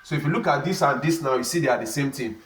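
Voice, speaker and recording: Man, teacher, rhetorical questions, slow repeated sounds, roomy echo, away from the mic. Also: mid-range voice, expressive, fairly bright tone, slight background noise. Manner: asks rhetorical "what?" questions and answers them himself; spells and repeats sounds slowly. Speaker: Arabic teacher. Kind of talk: beginner language lesson at a board. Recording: echoey room, mic at a distance.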